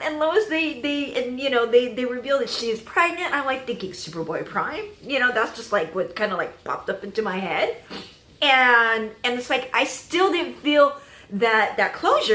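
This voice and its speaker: A woman giving an excited reaction review of a TV episode, gushing and thinking out loud as she goes. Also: a little high, normal speed, roomy sound, a little hiss or hum.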